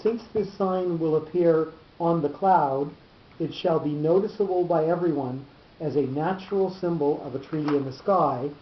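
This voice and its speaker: A teacher giving a lesson on cantillation notes, explaining slowly and often repeating words as he goes. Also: medium pitch, echoey room, lo-fi sound. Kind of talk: lecture on cantillation.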